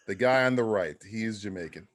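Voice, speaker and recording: A man's voice: on the low side, a little fast. A man casually commenting on a movie with friends, crude and joking.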